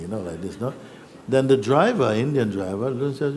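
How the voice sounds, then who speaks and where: Man, low voice, reflective, hesitant, soft laughs, satsang talk, faint background ambience. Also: animated, moderate pace, background noise. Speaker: spiritual teacher. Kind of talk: satsang storytelling. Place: satsang gathering in Rishikesh.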